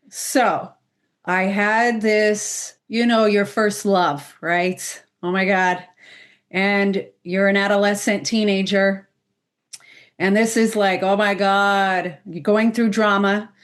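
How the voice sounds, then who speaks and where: A woman, a medium, telling personal stories to a podcast panel with lively exclamations. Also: mid-range voice. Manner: animated storyteller, exclamations.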